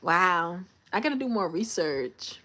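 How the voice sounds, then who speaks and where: A woman's voice: lowish voice, very animated, unhurried, sharp tone. A young woman chatting casually on a livestream, telling a story and acting out her coworkers and her manager. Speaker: livestream host. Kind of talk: casual livestream chat with viewers.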